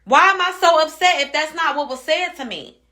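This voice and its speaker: High, bright-voiced furious mother. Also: a little fast. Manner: heated, cussing, repeats herself. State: upset and angry. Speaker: mother speaking on social media. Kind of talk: angry social media rant.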